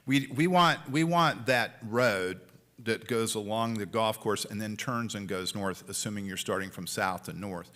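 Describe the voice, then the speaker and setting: A man's voice: lowish voice, measured pace, bright, forceful tone. A man chairing a city planning board meeting, talking casually and acting out what drivers might say. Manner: chatty, acts out quoted drivers. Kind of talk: public meeting discussion. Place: city council chamber.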